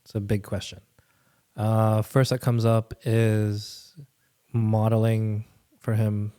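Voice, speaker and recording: A man, a father, speaking as a podcast guest in a measured, thoughtful way. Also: on the low side, little pitch movement, mellow, clear, resonant tone. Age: adult father. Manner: measured, thoughtful, frequent murmured agreement. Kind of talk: reflective casual conversation.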